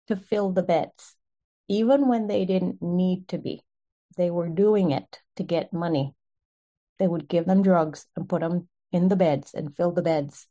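A woman's voice: on the low side, mellow. A woman hosting an online prayer group, telling a testimony in a conversational, emphatic way over a video call.

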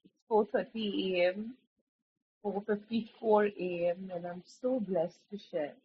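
A woman's voice: medium pitch, fairly even intonation, measured pace, a little hiss or hum. A woman from India, sharing hesitantly in an online prayer meeting and searching for her words. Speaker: prayer group member. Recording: dull, lo-fi call audio.

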